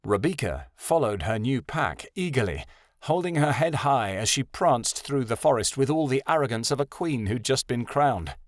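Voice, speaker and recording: A man narrating a fantasy audiobook in an expressive reading style. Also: mid-range voice, moderate pace, no echo, studio quality.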